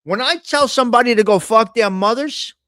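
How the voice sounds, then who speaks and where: A man's voice: very high-pitched, a little fast, a bit bright, no echo, clean studio sound. A man hosting a casual live stream, talking bluntly with a lot of profane trash talk. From Italian American. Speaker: host.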